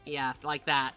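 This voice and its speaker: Bright-toned, laughing woman streamer. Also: low voice. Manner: animated storytelling with frequent laughs and acted-out voices. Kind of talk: casual chat.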